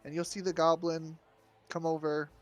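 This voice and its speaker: A man running a tabletop game as game master, relaxed and often laughing. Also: a little high, normal speed.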